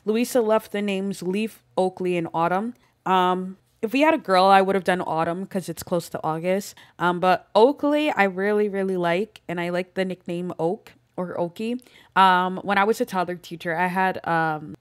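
A woman's voice: lowish voice, normal speed. A young woman giving chatty, casual commentary over a life-simulation game, with plenty of "like" and "um". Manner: chatty, fills talk with "like" and "um". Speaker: gameplay commentator. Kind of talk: casual let's-play commentary.

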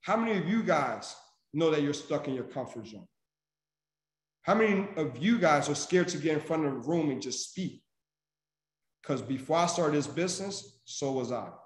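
A man's voice: fairly high pitch, expressive, moderate pace. A man giving a motivational speech to his sales team, emphatic and preachy. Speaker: senior vice president and sales mentor. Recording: echoey room.

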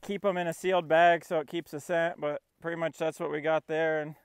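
A man's voice: a little high, flat delivery, brisk, smooth, dry recording. A man training his puppy outdoors, coaxing the dog and explaining each step in a casual vlog. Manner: coaxing and talking to his dog, narrating between commands. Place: outdoors in a field.

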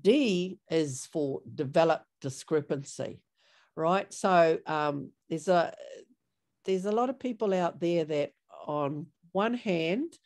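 A woman's voice: on the low side, slow, a little mellow. A middle-aged woman gives a training talk over a video call, chatty, with many fillers, and acts out sample replies. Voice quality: conversational, filler-heavy, acts out example replies. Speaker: workshop trainer.

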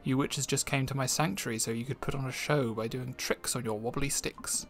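A man's voice: medium pitch, fairly even intonation, brisk, faint music behind, close to an everyday voice. A man voicing an ancient, lonely male mountain spirit who speaks in a lofty, formal, scornful way.

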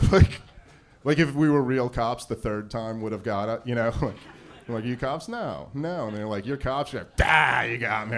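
A man's voice: on the low side, darkish tone. Rambling self-deprecating male stand-up comic. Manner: rambling, self-deprecating, lots of fillers and acted-out quotes. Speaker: stand-up comedian. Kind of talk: stand-up comedy set. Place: live event stage in front of an audience.

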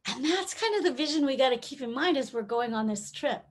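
A woman's voice: sits high, animated, fairly quick. A middle-aged woman giving a keynote talk, telling a story and acting out the voices in it. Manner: warm storytelling, acts out quoted voices. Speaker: keynote speaker. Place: virtual conference, recorded remotely.

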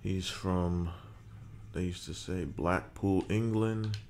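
A man's voice: deep voice, steady tone, slow pace, darkish tone. A man casually narrating as he builds a wrestler in a video game, often muttering to himself and swearing now and then. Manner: muttering to himself while working, mild swearing. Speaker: gaming creator.

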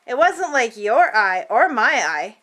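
A woman reading a picture book aloud to children in an expressive, playful storytelling manner. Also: a little high, a little slow.

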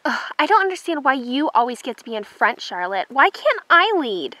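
A woman's voice: high voice, big pitch swings, normal speed, pushed and bright, no room sound, full character voice, low-quality recording. A woman voicing a vain, haughty gray mare who calls herself a queen, in a toy horse drama. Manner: snooty, dramatic, complaining.

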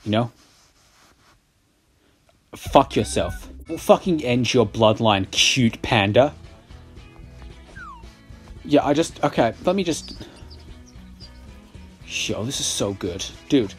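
A young man narrating his gameplay with heavy sarcasm, swearing freely at the game. His pitch swings widely from line to line. He talks at an unhurried pace, letting his exasperation drag out. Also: animated, soft background music. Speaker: gaming YouTuber. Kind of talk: casual gameplay commentary.

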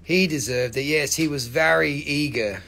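A man's voice: a little high, moderate pace, vocal fry, bright, forceful tone. Joking, foul-mouthed man selling crystals live. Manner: joking, rambling, swears freely. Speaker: live-stream crystal seller. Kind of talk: casual live sales chat.

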